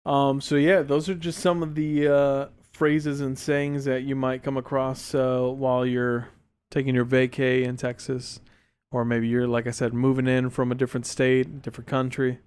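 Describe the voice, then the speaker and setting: A young man co-hosting a podcast, talking in a relaxed, rambling way with lots of fillers. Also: medium pitch, moderate pace, smooth. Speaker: podcast co-host. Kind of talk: casual chat.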